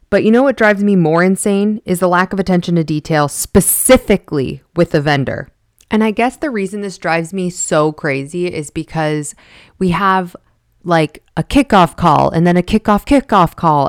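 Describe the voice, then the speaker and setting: A woman with a low, smooth voice talks through a casual podcast monologue, blunt and exasperated. She swears freely as she vents. The close mic sounds dry, with no room around it. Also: no room sound. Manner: frank, exasperated venting with swearing. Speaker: podcast host.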